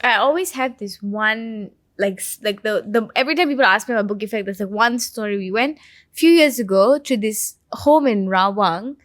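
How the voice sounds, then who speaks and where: A woman's voice: mid-range voice, normal speed, dry recording, clean studio sound. A woman speaking in a heartfelt way during a reflective conversation, telling stories.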